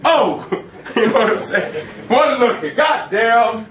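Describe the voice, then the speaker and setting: A man lecturing an audience in a profane, emphatic street style, swinging between loud and low. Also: very animated, slow, reverberant, distant mic, poor audio. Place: room with a live audience.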